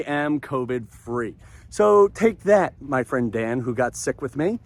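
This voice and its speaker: A forties-aged podcast host records himself on a handheld phone while walking at the beach, speaking a bit slowly in a medium-pitched voice. He's animated and joking, drifting into rambling asides, with no room sound audible.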